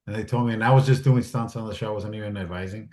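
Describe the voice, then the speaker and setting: A man's voice: fairly low pitch, steady tone, very fast, darkish tone. A man in casual interview chat, telling stories animatedly, acting out quoted dialogue and swearing freely. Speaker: guest, military advisor and stuntman. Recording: roomy echo.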